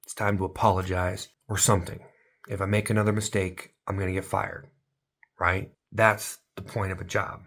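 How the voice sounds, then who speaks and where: A man's voice: sits low, little pitch movement, moderate pace, a bit bright. A man talking to his viewers in a rambling stream-of-consciousness monologue, full of absurd rhyming wordplay that drifts between near-whispers and sudden bursts. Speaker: vlogger.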